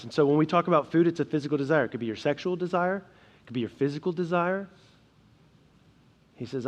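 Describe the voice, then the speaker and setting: A young adult man preaching from a church sanctuary. His voice sits a touch high. He swings from hushed, deliberate emphasis to loud, urgent appeals. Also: animated. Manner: earnest preaching that builds from quiet emphasis to loud, urgent passages. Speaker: pastor. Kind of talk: sermon.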